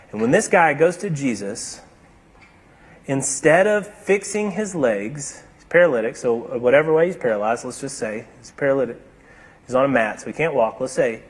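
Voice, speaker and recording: A man preaching with a husky, somewhat breathy voice that sits fairly high for a man. His delivery swings between emphatic, raised passages and hushed, slowed-down lines. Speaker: pastor. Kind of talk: sermon.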